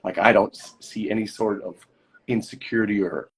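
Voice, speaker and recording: Husky man telling rambling stories. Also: lowish voice, fairly even intonation, normal speed. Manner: rambling storyteller, many restarts and asides. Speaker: actor, guest. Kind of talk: casual chat on a live video call. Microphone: phone.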